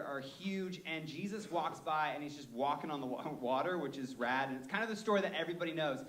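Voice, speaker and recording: A young man preaching to a youth group, telling a story in an animated, self-deprecating way, with lots of fillers. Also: on the high side. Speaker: youth pastor. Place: room full of listeners. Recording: echoey room with faint hiss.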